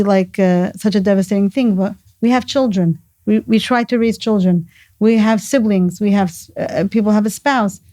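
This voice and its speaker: Middle-aged woman chatting earnestly, warm mellow tone, dry close mic. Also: mid-range voice, dry recording. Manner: earnest, storytelling, sprinkles Hebrew and Yiddish words. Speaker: guest, mother of the host. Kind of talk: casual conversation.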